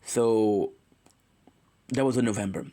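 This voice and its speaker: A man's voice: fairly low pitch, fairly even intonation, slow pace, dark tone. A man talking on his livestream, rambling and emotional as he tells a story and keeps correcting himself. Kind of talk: confessional livestream chat.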